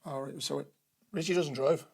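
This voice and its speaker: An Irish man on a podcast as a guest, telling a lively story and acting out the voices of others. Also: on the high side, normal speed, gravelly, slightly rough. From Ireland. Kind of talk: storytelling in casual chat.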